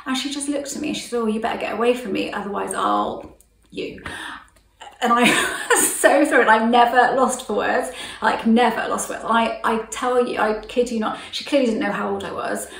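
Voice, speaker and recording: A woman's voice: on the high side, fairly even intonation, moderate pace, vocal fry, echoey room, recorded from a distance, poor audio. A middle-aged woman telling a story to camera in a chatty way, laughing often and acting out what people said. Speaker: vlogger.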